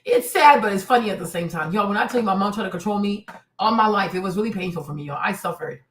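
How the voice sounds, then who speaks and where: A woman's voice: medium pitch, animated, fast talker. A woman hosting a reaction livestream, effusive and laughing often, talking straight to her viewers as "y'all". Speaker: commentary host. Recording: echoey room, distant from the mic.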